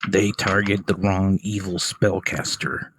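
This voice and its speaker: A man takes his turn in an online tabletop game, thinking aloud in an unhurried, low-pitched voice. The sound is dry and close. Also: little pitch movement, fairly bright tone, breathy edge, no room sound. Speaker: player. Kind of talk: casual tabletop play over a voice call.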